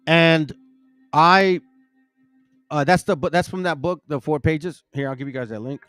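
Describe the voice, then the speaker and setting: Casting: higher-voiced man, loose bible-study host who trips over names, dry close recording. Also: moderate pace, a bit bright, no echo, faint music behind. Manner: rambling, self-correcting, stumbles over names. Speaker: bible teaching channel host. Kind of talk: casual religious teaching and scripture reading.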